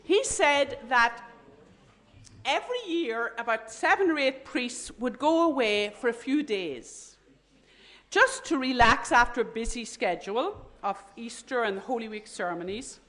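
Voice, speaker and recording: A woman telling a faith story in an earnest storytelling talk. She often drops to a hushed voice at the moving moments. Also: on the high side, expressive, unhurried.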